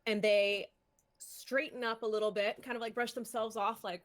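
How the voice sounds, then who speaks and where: A woman's voice: fairly high pitch, fairly even intonation, normal speed, fairly bright tone. A woman narrating as dungeon master in a casual, laid-back way, with fillers. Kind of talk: narrating a tabletop game.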